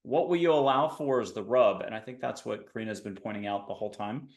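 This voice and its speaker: A man's voice: lowish voice, fast talker, reverberant. A man hosting an interview show in a casual, rambling way, cracking dad jokes. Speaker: podcast host. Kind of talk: casual video-call interview.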